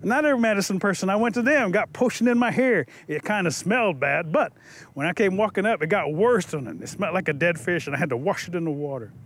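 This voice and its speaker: Man playing a shy lovesick young man, earnest, pleading, high-ish voice. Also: animated, fast, a bit bright, exaggerated voice. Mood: plaintive.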